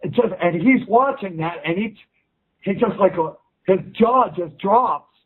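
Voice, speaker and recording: This male musician's voice sits high, animated and unhurried, with a breathy edge, coming through a tinny phone connection. Chatting casually in an interview, he restarts sentences as he rambles and swears freely.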